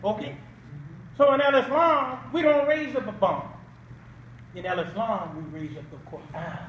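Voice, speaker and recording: Older male guest preacher with a very high voice, emphatic and questioning, recorded from afar in an echoey hall. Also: dull audio, slight background noise. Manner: emphatic call-and-response with rhetorical questions. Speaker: guest speaker. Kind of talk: Islamic preaching at an awards banquet. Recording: echoey hall audio from a distant mic.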